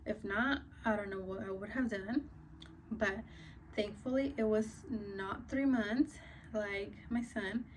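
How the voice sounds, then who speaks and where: A woman's voice: medium pitch, slow pace, far from the mic, a little hiss or hum. A young woman vlogger telling a casual story, chatty and full of "like" and "um", a little out of breath. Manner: chatty, many fillers like "like" and "um".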